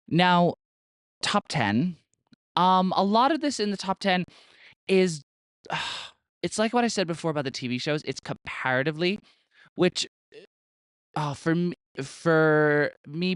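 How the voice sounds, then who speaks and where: A man's voice: medium pitch, clean tone, dry recording. Gushing young man podcast host. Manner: chatty and gushing, full of "like" and swearing. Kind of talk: casual chat.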